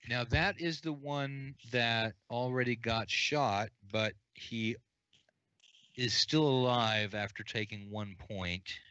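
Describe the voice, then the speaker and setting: A man running a tabletop game as game master, relaxed and chatty, thinking aloud with fillers. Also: medium pitch, slow pace, clear, resonant tone, dry recording. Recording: dull, dry lo-fi sound.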